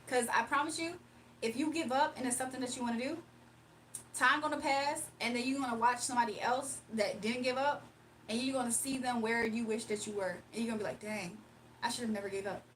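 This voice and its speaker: A woman's voice: a little high, fairly quick, fairly bright tone, far from the mic, slight background noise, poor audio. A woman from Virginia hosting a late-night livestream, chatting casually, reading comments aloud, and laughing often. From Virginia, United States. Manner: laid-back slangy talk, laughs often. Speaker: livestream host.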